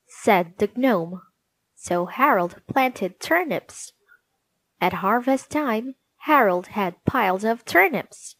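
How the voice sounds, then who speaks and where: A woman reading a children's storybook aloud, gently and clearly. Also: mid-range voice, expressive, slow pace, no room sound.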